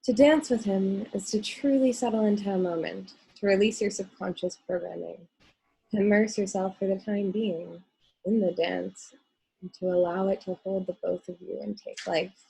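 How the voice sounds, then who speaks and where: A woman on a video call reading her own gentle prose poem in a soft voice that fades at the ends of phrases. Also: medium pitch, fairly even intonation, moderate pace, vocal fry, slightly rough, rough recording. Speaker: guest reader on a call.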